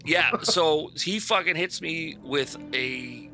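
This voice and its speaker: A man's voice: fairly high pitch, slow pace, pushed and bright, faint music behind. A man playing a tabletop game who chats casually, stammers and swears. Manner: stammering, self-deprecating, swears. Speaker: player.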